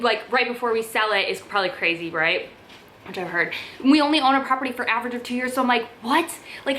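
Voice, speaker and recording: A woman's voice: a little high, a little hiss or hum, rough recording. A young woman vlogger telling a work story in casual chat, exasperated and full of "like"s. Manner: animated, exasperated storytelling with many "like"s.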